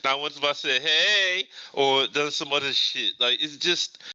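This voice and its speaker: A man in his forties talks bluntly and with heavy emphasis, swearing as he goes. His voice is very bright and smooth. It sounds dry, with no room echo. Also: fairly high pitch, a little slow. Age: 40s. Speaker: podcast host. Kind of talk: casual chat.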